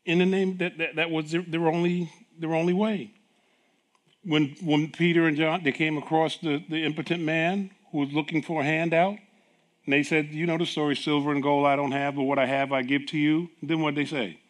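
Animated male preacher, higher voice. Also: a little fast. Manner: animated storytelling with acted dialogue, laughing often. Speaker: pastor. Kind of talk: sermon.

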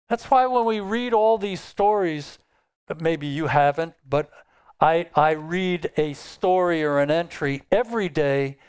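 Slow, clear-voiced preacher man. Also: a little high, a little mellow. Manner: asks the congregation questions and answers them; unhurried and emphatic, with filler restarts. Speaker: pastor. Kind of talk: sermon.

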